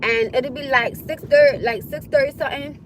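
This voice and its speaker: A woman's voice: high-pitched, a little fast, a little hiss or hum, rough recording. A young woman livestreaming from her car, chatting to her viewers and yelping in alarm at the road ahead. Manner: animated, swears and shrieks in alarm at the road; talks straight to viewers. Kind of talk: casual livestream chat.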